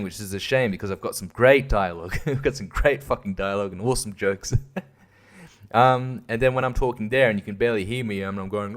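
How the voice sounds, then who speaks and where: A young man hosting a casual monologue, rambling and swearing, often laughing at himself. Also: on the low side. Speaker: host.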